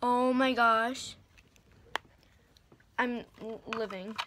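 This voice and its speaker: A young woman filming an excited unboxing vlog, gushing and bubbly, with lots of "like" and "literally". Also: fairly high pitch, drawn-out words, noisy background. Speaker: vlogger.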